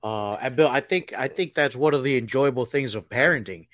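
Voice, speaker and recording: A man's voice: mid-range voice, a little fast, a bit bright, dry recording. A man chatting casually on a podcast, teasing his co-host and swearing freely. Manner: joking banter, swears freely. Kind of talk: casual chat.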